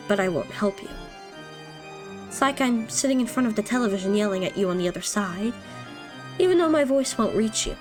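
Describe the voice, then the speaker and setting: A woman reading aloud as a cruel, aloof female witch, calm and quietly taunting. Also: medium pitch, close to an everyday voice. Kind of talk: reading game dialogue aloud.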